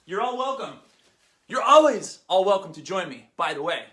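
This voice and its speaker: A man hosting a fitness show, leading an exercise demo and then chatting in an energetic, jokey, rambling way, a little out of breath. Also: sits high, normal speed, slightly rough. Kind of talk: exercise demo and casual podcast chat.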